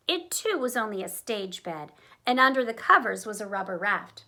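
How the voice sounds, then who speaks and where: A woman reading a children's picture book aloud in an expressive, animated way. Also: mid-range voice, normal speed. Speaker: storyteller. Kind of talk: children's story read-aloud.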